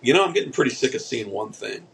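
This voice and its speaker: A man with a gravelly, fry-edged voice chats loosely on a podcast, spinning rambling stories with deadpan asides. His pitch sits in an ordinary middle range, and a faint hiss is heard behind him. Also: fast, rough recording. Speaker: podcast co-host. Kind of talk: casual chat.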